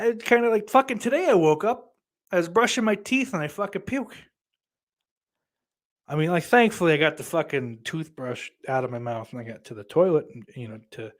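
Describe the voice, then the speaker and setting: A young man hosting a podcast, chatting casually in a rambling, profane, self-deprecating way. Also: on the high side. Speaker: podcast host. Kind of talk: casual livestream chat.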